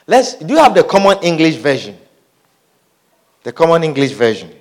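A man with a high, lively voice preaches a sermon at a moderate pace. He reads scripture aloud, repeats phrases for emphasis, and often pauses to put questions to the congregation.

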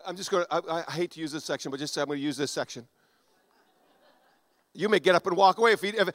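A male preacher delivers a sermon with a slightly high voice, recorded close and dry. He is animated, swinging between loud, punchy lines and quiet asides, and acts out the voices he quotes. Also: quick pace, long pauses, no echo. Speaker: pastor.

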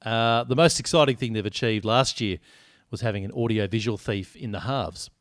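A man's voice: on the low side, moderate pace, no room sound, clean studio sound. A man co-hosting a podcast, chatty and joking, swearing freely. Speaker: podcast co-host. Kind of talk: casual sports chat.

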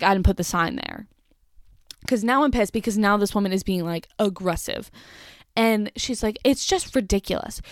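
A young woman tells a retail storytime in an exasperated rant, peppered with "like" and casual swearing. Her voice sits at an ordinary middle pitch, recorded close and dry with no room around it. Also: no room sound. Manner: exasperated, swears, lots of "like" fillers. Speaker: retail cashier telling a story.

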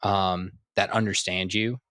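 A man co-hosting a podcast, chatting casually, animated, with stumbling restarts and frequent laughs. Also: low-pitched, measured pace, no room sound, studio quality. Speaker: podcast co-host.

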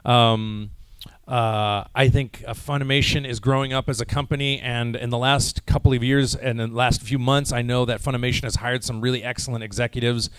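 A man's voice: medium pitch, fairly even intonation, fairly quick, clean tone, no room sound. An American man who works as a voice actor, answering fan questions in a rambling, chatty way with many fillers and restarts, and a little jet lagged. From United States. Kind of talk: casual panel Q&A.

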